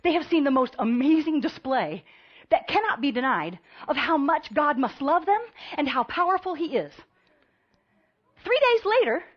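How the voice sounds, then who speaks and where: A woman preaching a sermon, telling stories with lively energy and acting out the voices of the people in them. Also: high voice, lo-fi sound. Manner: animated storytelling, acting out voices of the crowd.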